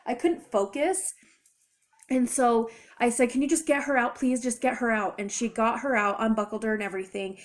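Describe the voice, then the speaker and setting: A young adult woman retelling a personal story in a chatty, rambling, expressive way. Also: mid-range voice. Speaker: vlogger. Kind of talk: casual storytime.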